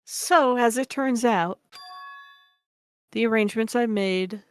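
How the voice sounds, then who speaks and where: A woman reading the lines of a cool, guarded teenage girl detective in a terse, measured way. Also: on the high side, clear, resonant tone, no echo, clean studio sound. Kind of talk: dramatic reading of game dialogue.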